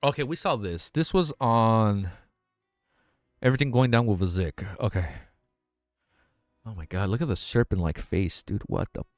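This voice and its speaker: A young man hosting a late-night livestream, reacting to artwork in a casual, excitable way with plenty of swearing, his voice tired and worn out. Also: fairly low pitch, normal speed, long pauses, no echo, clean studio sound, soft background music. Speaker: livestream host.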